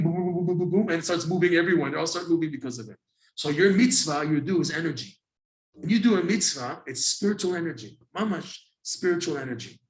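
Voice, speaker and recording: A man teaching a Torah class to a small group, animated and telling stories with acted-out asides. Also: a little high, reverberant, low-quality recording. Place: classroom with a few listeners.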